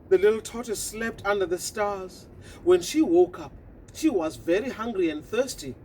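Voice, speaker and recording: A woman telling a children's story in an expressive, animated way. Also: mid-range voice, slight background noise.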